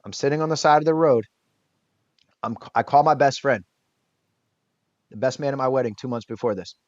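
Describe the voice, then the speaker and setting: A man guest on an interview podcast, telling a personal story in a casual, lively way and acting out what others said. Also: mid-range voice, fairly quick, no room sound. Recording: dull lo-fi dry sound.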